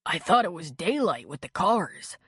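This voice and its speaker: A woman voicing a hurt, weakened man in an audiobook, speaking in a raspy, strained voice. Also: on the low side, big pitch swings, moderate pace, a bit bright, no room sound, clean studio sound, full character voice. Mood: weak. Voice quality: raspy, weak. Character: injured, weakened adult man.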